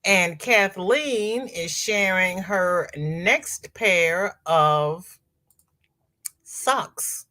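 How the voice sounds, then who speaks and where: A middle-aged woman hosts a casual livestream from her home, chatting with viewers and reading comments out loud, exclaiming and laughing. Her lowish voice is animated, pushed and bright, and she draws out her words.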